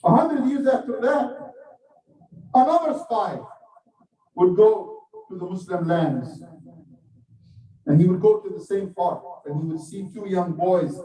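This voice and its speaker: Mellow-voiced preacher in an echoey hall. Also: male voice, high-pitched, recorded from a distance. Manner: measured storytelling, earnest and exhorting. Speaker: preacher giving the Friday sermon. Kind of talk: sermon.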